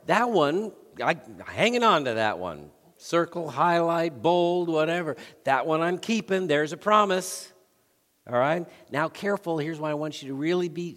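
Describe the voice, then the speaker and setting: A man preaching a sermon as pastor, telling stories with swings from loud to hushed. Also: medium pitch. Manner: lively storytelling with swings between loud and hushed. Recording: long hall reverb.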